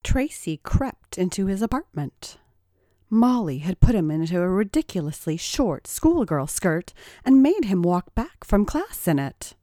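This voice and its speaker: A woman's voice: mid-range voice, sing-song, measured pace, mellow, dry recording, studio quality. A woman narrating scripted adult fiction who reads expressively and gives each character a voice.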